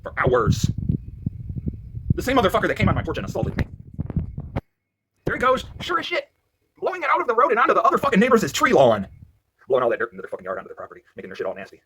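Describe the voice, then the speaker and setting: A worked-up man ranting in a profane vlog, swinging between loud outbursts and low muttering. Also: wildly swooping pitch, fast, pauses often, noisy background. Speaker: vlogger.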